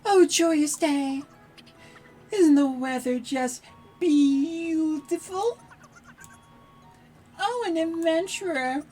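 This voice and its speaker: A woman voicing a cheery old granny villager in a video game, reading her lines slowly and sweetly. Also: high-pitched, warm tone, soft background music, pitched above the performer's own voice.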